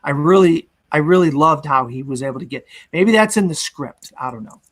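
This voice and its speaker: A man's voice: a little high, a little fast, fairly bright tone. Chatty man recapping a film. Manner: rambling recap with fillers, acts out quotes. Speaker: podcast co-host. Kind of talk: casual movie discussion.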